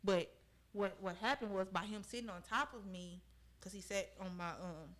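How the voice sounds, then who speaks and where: An earnest young woman speaks as a podcast guest, recounting her own story in a conversational way. She often pauses to check that her listeners are following. Her voice sits at a middle pitch. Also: a bit bright.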